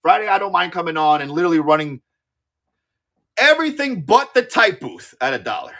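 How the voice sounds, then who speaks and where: An excitable man in his thirties runs a live sales stream in a slightly raised, bouncy voice. His tone is bright and cutting, and he swears freely and trips over repeated words as he chats along. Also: high voice, a little fast. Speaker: live-auction seller. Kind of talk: casual livestream sales chat.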